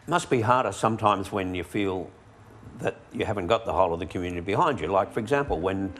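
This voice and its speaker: A man hosting an interview, asking measured, probing questions. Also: sits low, fairly bright tone, slight background noise. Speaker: interviewer, host.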